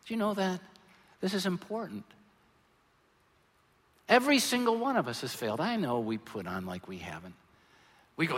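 A man preaching a sermon as pastor, earnest, moving between quiet lines and loud emphatic ones. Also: mid-range voice. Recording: long hall reverb.

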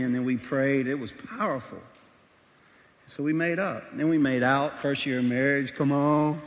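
A middle-aged man preaching a sermon as a pastor, telling a personal story candidly and acting out the voices in quick bursts. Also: medium pitch, fairly even intonation, slight background noise. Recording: large hall reverb.

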